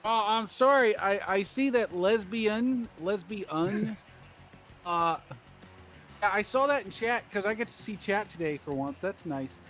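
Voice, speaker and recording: A man with a bright, high voice rambles through a story on a game stream, laughing and acting out every quote. Faint music plays under him. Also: slow. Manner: laughing, animated, acts out quotes.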